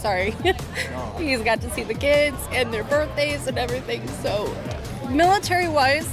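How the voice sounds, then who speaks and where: A woman at an outdoor rally answering an interviewer, earnest and emotional. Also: fairly high pitch. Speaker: rally attendee. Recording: music behind.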